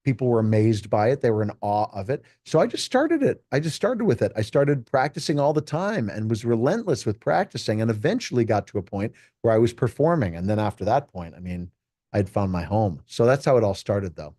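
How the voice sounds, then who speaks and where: Man, middle-aged, mellow warm tone, dry close sound, lively storytelling. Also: lowish voice, brisk, no echo. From United States. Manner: enthusiastic, animated storytelling with acted quotes. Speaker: keynote speaker and juggler. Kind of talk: casual interview conversation.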